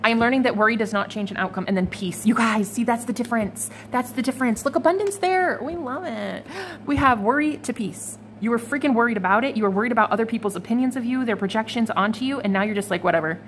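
A woman's voice: a little high, fast talker, hardly any pauses, a little hiss or hum. A woman giving a casual, chatty tarot reading to her viewers, swearing freely and laughing now and then. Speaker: tarot reader.

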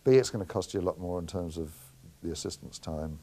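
Speaking as a film editor in an interview, a middle-aged New man gives frank, anecdote-filled answers and chuckles frequently. His low voice has a gravelly edge, and he talks fast yet sounds mellow.

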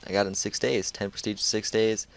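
Chill guy with a kinda low voice rambling over his gameplay, lots of dude and like. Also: little pitch movement, fast talker, vocal fry. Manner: laid-back, chatty, says dude and like a lot. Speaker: gamer sharing a match. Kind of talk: casual gameplay commentary.

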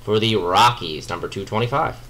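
A man hosting a card break, chatting casually and excitably as he opens packs and reads out the players and teams. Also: on the low side, a little fast, a little hiss or hum. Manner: chatty, excitable, muttering asides while opening packs. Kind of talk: live card-break commentary.

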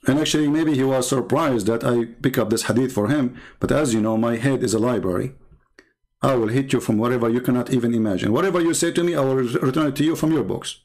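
A man's voice: mid-range voice, fast, darkish tone. Sarcastic Arabic-accented man, mocking. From Arab world. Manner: taunting, sarcastic, repeats words in bursts. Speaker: Christian apologist. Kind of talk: mocking polemical commentary.

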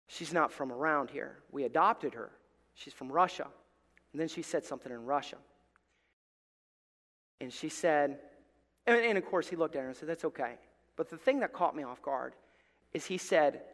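A man from Alabama with a Southern accent, preaching a sermon in a church and telling a story, moving from hushed tones to loud bursts. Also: fairly high pitch, long reverb tail. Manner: animated, swings from hushed to loud, acts out voices. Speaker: pastor. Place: church sanctuary.

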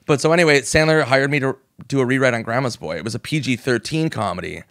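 A man's voice: medium pitch, quick pace, fairly bright tone, no echo. Man, 40s, from the US, comedian guest, casual storytelling, swears a lot, acts out quotes, dry close sound. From United States. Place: podcast studio.

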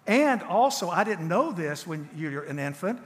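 A man's voice: sits high, very animated, moderate pace. A man in his sixties from Tennessee with a Southern accent gives a folksy, conversational church teaching talk. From Tennessee, USA. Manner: folksy, conversational, repeats words and restarts. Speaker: guest speaker and counselor. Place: church sanctuary. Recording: long church reverb.

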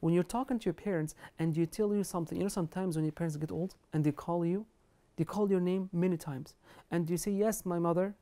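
A woman's voice: lowish voice, quick pace, mellow. Earnest woman giving an Islamic lecture. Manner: earnest, emphatic, quotes Arabic scripture and scholars. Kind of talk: religious lecture on kindness to parents.

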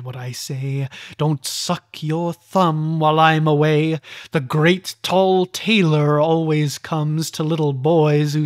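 A reader voicing a stern mother who warns her small son in a slow, grave tone, in a storybook reading. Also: mid-range voice, dry recording, studio quality, lightly acted.

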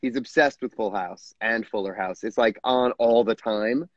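A man's voice: fairly low pitch, moderate pace, no room sound, lo-fi sound. A middle-aged man, a guest actor, telling stories in a casual interview with frequent laughs and restarts. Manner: chatty storyteller, laughs often, frequent restarts. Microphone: video call.

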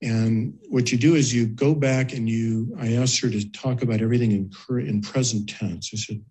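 A man, a therapist, calmly telling the story of a former patient in a measured, reflective way. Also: mid-range voice, slightly rough, low-quality recording. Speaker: guest therapist. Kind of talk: storytelling a case.

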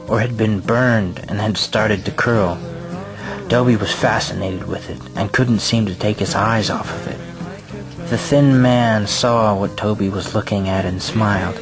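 Low-voiced male story narrator. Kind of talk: scripted narration. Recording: clear background music.

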